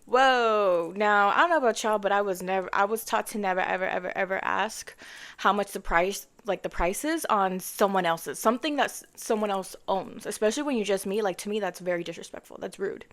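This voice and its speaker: A young woman tells a story to her viewers in a loose, chatty way, full of fillers and side remarks. She acts out what everyone said without changing her voice much, and her pitch sits in an ordinary middle range. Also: fairly quick, fairly bright tone. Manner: acts out quoted lines in her own voice. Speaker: car content creator telling a story. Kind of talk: casual storytime.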